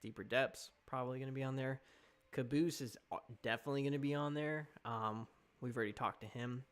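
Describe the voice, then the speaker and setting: A young man talks loosely on his live stream. He rambles and reacts to chat comments as they come in. His pitch is right in the middle for a man. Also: steady tone, a little fast, smooth. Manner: chatty, rambling, reading chat aloud.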